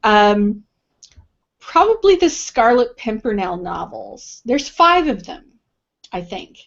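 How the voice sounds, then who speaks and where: A woman's voice: on the high side, very animated, takes it slowly, vocal fry. A woman author answering interview questions in a thoughtful, casual way, often restarting her sentences. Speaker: author guest. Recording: dull lo-fi online stream audio.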